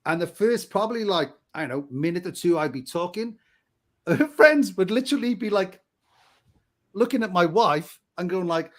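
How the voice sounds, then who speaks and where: A man with a Barnsley accent from Yorkshire, co-hosting a podcast in casual chat, telling animated stories with frequent laughs and stumbles. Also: high voice, normal speed. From England. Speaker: podcast co-host.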